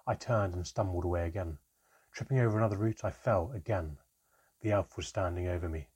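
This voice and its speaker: A man narrating a first-person storybook in a measured, expressive reading. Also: deep voice, husky.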